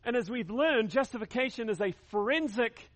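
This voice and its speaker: Man preaching, high voice, emphatic, repeats key words, call-and-response. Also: expressive, moderate pace. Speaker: pastor. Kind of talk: sermon.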